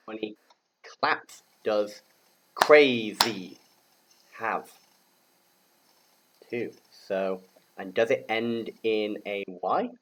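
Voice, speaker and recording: A man's voice: mid-range voice, low-quality recording. A man from the UK teaching English grammar to learners, speaking patiently, spelling out letters and repeating words for them to say back. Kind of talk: slow, clear classroom instruction for learners.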